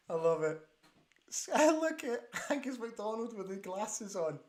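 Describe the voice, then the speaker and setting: An excitable man hosts a live football watch-along in a studio, talking slowly with a somewhat high voice. He exclaims and repeats himself as he reacts to the game. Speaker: host.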